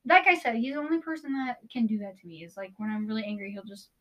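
A woman in casual chat, excitedly telling stories about her boyfriend. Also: fairly high pitch, fast, muffled recording. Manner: animated, excitable storytelling. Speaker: girlfriend talking about partner.

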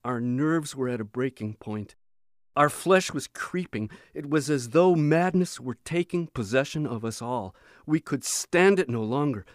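A man reading a book chapter aloud in a measured, expressive audiobook narration. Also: mid-range voice, no echo, clean studio sound. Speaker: audiobook reader.

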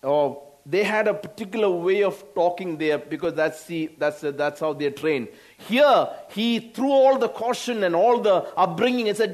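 A man with an Indian English accent preaching a sermon, slow, with frequent laughs and exclamations. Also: high-pitched, sing-song, darkish tone.

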